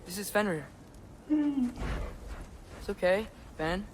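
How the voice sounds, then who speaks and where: A man's voice: sits high, sing-song, extremely slow, noisy background, heavily acted. An actor playing an earnest, curious teenage boy in a video game cutscene. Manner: earnest, eager.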